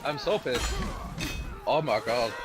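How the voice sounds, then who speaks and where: A man's voice: medium pitch, slow. A man from Norway, chatting casually while gaming and ranting in an agitated, profane way with many restarts. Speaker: game streamer.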